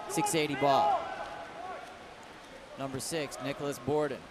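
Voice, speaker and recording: A man calling a live game play-by-play, brisk and raising his voice in sudden bursts. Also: on the high side, steady tone. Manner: brisk, calls plays with sudden raised bursts. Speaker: play-by-play commentator. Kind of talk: live sports commentary. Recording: loud background noise.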